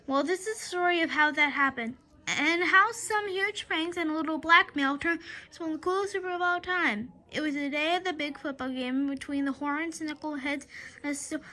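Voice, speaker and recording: A woman reading a children's book aloud in a lively storytelling way, often stumbling and restarting her words. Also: sits high, fairly quick.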